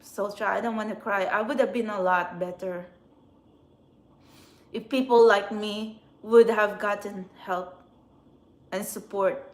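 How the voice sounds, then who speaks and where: A woman, a spiritual channeler, venting in an emotional, agitated monologue outdoors in a city, swearing often and swinging between quiet and loud. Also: fairly high pitch, echoey room. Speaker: spiritual channeler and tarot reader.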